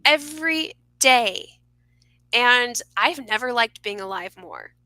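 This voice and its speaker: Bright-voiced woman talking earnestly. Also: fairly high pitch, slow pace, dry recording, low-quality recording. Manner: earnest, mystical, expressive, laughs often. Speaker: podcast guest. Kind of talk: casual conversation.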